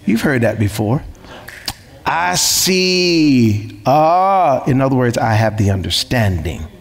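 A man's voice: mid-range voice, animated, moderate pace, slightly rough, big-room sound. A man preaching a sermon as pastor, emphatic, repeating phrases and asking rhetorical questions.

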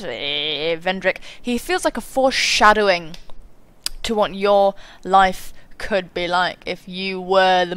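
A woman hosting a let's play, giving casual gameplay commentary, giggly and excitable with sudden exclamations. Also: medium pitch, clean tone, no echo.

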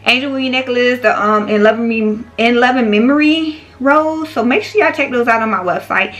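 Chatty bright-voiced woman vlogger. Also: on the high side, normal speed, faint music behind. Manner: chatty, talks straight to viewers, frequent "y'all" and "baby". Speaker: small business owner and vlogger. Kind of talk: casual chat to viewers.

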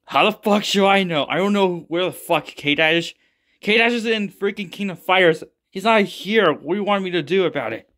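A man voicing a sarcastic young adult son who stays calm and exasperated. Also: high-pitched. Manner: dry, exasperated, quick.

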